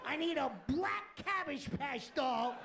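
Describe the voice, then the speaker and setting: A man doing an impression of a famous actor as a loud, pushy, threatening tough guy. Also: very high-pitched, lively intonation, slow pace, gravelly, pitched above the performer's own voice, exaggerated voice. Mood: bullying.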